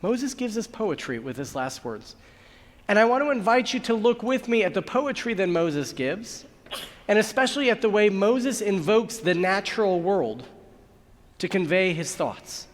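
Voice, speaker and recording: A man's voice: high voice, sing-song, moderate pace. A man who is a rabbi, giving a sermon and telling a joke as a story, acting out the voices of its characters. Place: large synagogue sanctuary. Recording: long hall reverb.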